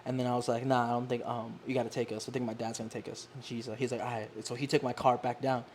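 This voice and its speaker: Speaking at an extremely low pitch and a fast clip, a young woman chats casually as a guest from a living-room couch, with a little hiss or hum in the recording. She tells stories with flair, voicing the characters she quotes and laughing frequently.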